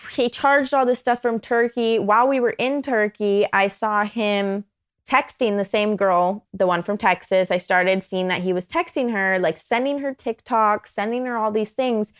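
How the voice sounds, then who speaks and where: A young woman guest on a podcast, telling a personal story casually in an animated, rambling way, full of asides. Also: medium pitch, a little slow, clean tone.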